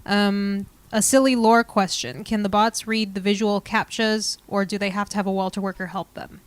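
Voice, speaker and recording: A woman's voice: medium pitch, fairly even intonation, moderate pace, dry recording. Hesitant woman co-hosting a podcast. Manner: bashful, hesitant. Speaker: podcast co-host reading listener questions. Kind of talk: casual podcast chat.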